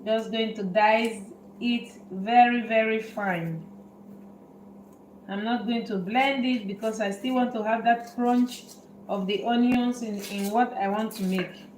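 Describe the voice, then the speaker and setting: Woman host of a live cooking show, slow and chatty, in an echoey kitchen with dishes clattering behind. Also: fairly high pitch, fairly even intonation, darkish tone, a little hiss or hum. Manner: chatty, narrates each step to viewers.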